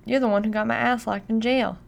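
A woman's voice: fairly high pitch, fairly quick, vocal fry. Woman voicing a menacing, drugged father. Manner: flat, menacing, bursts into screaming. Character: violent drugged father, middle-aged man.

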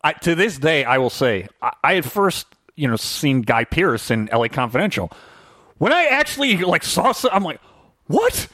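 A man with a fairly high, very lively voice, co-hosting a relaxed movie podcast. He reacts emphatically and swings his pitch a lot. The recording is dry and close. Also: no room sound. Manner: expressive, emphatic, quick reactions. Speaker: podcast co-host. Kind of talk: casual movie review chat.

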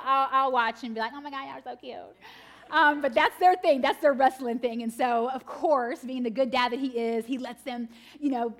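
A woman, preaching a sermon to mothers, swinging from laughing, animated stories to quiet, earnest points. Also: a little high.

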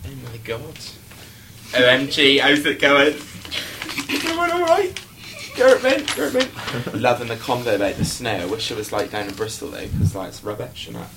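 A man's voice: medium pitch, huge pitch swings, normal speed, distant mic. Giggly man hosting a quiz. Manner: giggly, chatty, with lots of fillers. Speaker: quiz host. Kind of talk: casual student podcast chat. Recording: noisy room, speaker a little off-mic.

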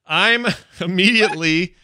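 Middle-aged guy rambling on a podcast, bright forceful voice, dry close mic. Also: sits high, a little slow, no room sound. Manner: rambling, restarts, laughs a lot. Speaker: podcast co-host. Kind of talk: casual chat.

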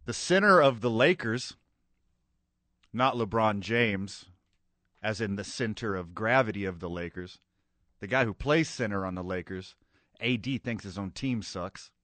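A man's voice: on the low side, measured pace, fairly bright tone, dry recording. Male radio host, upbeat banter, dry close mic, studio sound. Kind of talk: sports radio talk. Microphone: studio microphone.

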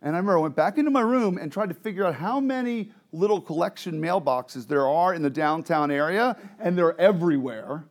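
A man preaching a sermon as pastor, moving between soft, confiding asides and loud, fervent preaching, often asking the congregation questions. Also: fairly high pitch, lively intonation, brisk, few pauses. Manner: swings from quiet, intimate asides to loud, impassioned preaching.

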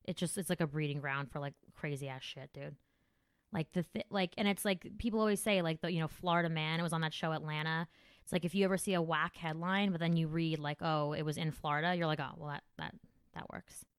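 Crude, animated comedian woman. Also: sits low, fast, smooth, no room sound, studio quality. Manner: crude, animated, swearing freely. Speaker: comedian podcast host. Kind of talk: casual podcast chat.

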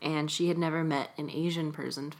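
A woman's voice: low voice, steady tone, brisk, darkish tone. A young adult woman from California, chatting casually as an interview guest and laughing often. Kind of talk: casual conversation.

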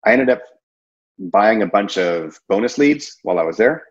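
A man's voice: on the low side, expressive, moderate pace, muffled recording. A man giving a casual sales training talk, rambling and conversational with many fillers and restarts. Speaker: insurance sales presenter.

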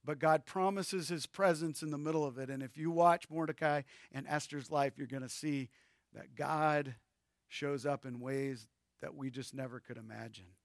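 Give me an emphatic male preacher with a high voice and a dry, close sound. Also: fairly even intonation, moderate pace, gravelly, no echo. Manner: emphatic, addresses listeners directly. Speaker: pastor. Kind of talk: sermon.

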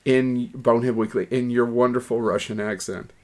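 A man's voice: mid-range voice, steady tone, moderate pace. A man co-hosting a podcast in loose, joking banter. He swears freely and teases his guest. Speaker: podcast co-host. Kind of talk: casual banter.

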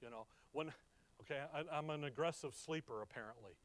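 A man preaching a conversational Bible-teaching sermon, often asking the listeners questions and swinging from emphatic loud lines to quiet ones. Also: mid-range voice, fairly quick.

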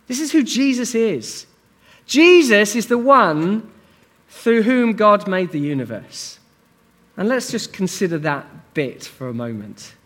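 Animated high-voiced male preacher. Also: unhurried. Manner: animated, conversational, asks the congregation questions. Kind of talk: sermon.

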